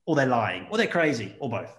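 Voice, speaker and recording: A man in casual conversation who talks in an animated way, acting out quoted voices and laughing often. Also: mid-range voice, fairly quick. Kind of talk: casual chat. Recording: echoey room.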